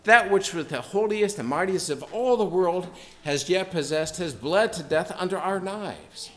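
A man's voice: high voice, lively intonation, moderate pace, pitched above the performer's own voice. A man playing a frantic, anguished madman. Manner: declaiming, impassioned, raised voice. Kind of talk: dramatic reading within a sermon.

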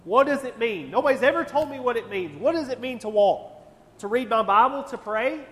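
A man's voice: very high-pitched, expressive, a little fast, a bit bright. A young man preaching to a youth group in a church, earnest and conversational, firing off rhetorical questions. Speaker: youth pastor. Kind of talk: sermon. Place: church hall. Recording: long church-hall reverb.

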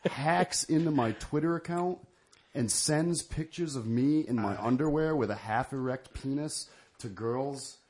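A man's voice: medium pitch, a little slow, darkish tone, breathy edge. A man co-hosting a casual podcast chat, wisecracking and teasing the others. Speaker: podcast co-host.

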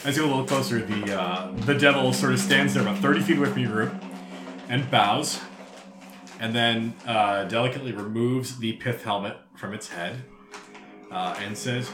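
A man running a tabletop game as game master, narrating in a relaxed way with many fillers. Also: mid-range voice, moderate pace, echoey room, faint music behind.

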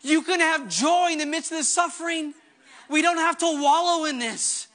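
Male pastor, sermon delivery, high-pitched and earnest, fervent with quick asides. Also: sharp tone.

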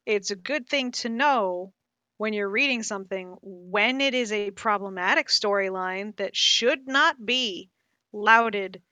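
A woman co-hosting a casual podcast, animated and emphatic, talking with strong conviction. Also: mid-range voice, measured pace, no room sound. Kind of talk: casual discussion.

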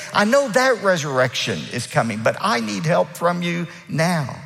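A man's voice: fairly high pitch, big pitch swings, normal speed, vocal fry, hardly any pauses, a bit bright, big-room sound. A man preaching a sermon as the pastor, emphatic, and acting out the lines he quotes.

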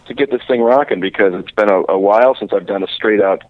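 A man's voice: lowish voice, fast, dry recording, phone-quality sound. A man calling in to a radio chat as a film director, joking and self-mocking.

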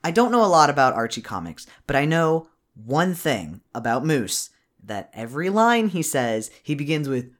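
A man co-hosting a podcast, recapping a movie in rambling, profane casual chat. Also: fairly high pitch. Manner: rambling, profane, animated, quick bursts.

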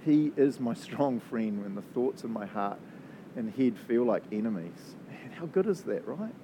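A man with a New Zealand accent, preaching a sermon and praying in a chatty, animated way that often breaks into laughs. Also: mid-range voice, unhurried, noisy background. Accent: New Zealand English. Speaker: pastor. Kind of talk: sermon with prayer.

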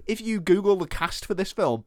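A fairly high-voiced man recaps a film on a casual podcast, swearing freely and dropping into quick quoted voices. His sound is dry and close, with no room around it. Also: expressive, a little mellow, no room sound. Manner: swearing, laughing, retells scenes with quick put-on quotes. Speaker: podcast co-host.

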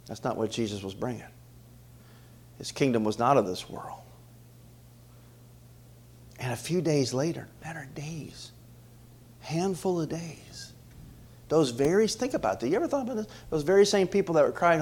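Man preaching a sermon, middle-aged, fairly high voice, animated, questions to the congregation. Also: moderate pace, long pauses. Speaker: pastor.

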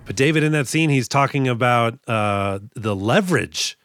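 A man's voice: medium pitch, lively intonation, moderate pace, fairly bright tone, dry recording. A man co-hosting a podcast, chatting casually about a movie, laughing often and drifting into asides. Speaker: podcast co-host.

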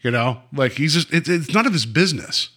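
A man's voice: fairly high pitch, expressive, a little fast, sharp tone, husky. A man co-hosting a podcast, chatting casually about a TV episode, laughing often and using many fillers. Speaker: podcast co-host. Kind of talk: casual chat recapping a TV episode.

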